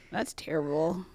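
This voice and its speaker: A woman's voice: deep voice, vocal fry, slight background noise. A woman co-hosting a podcast, chatting casually about a reality show and using a lot of "like". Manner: chatty, frequent "like" fillers. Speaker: podcast co-host. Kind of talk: casual podcast recap chat.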